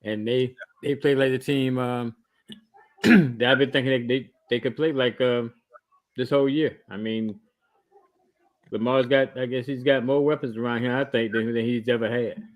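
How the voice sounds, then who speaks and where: A man co-hosting a casual sports chat, trash-talking in halting speech with many restarts. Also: medium pitch, steady tone. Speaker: podcast co-host.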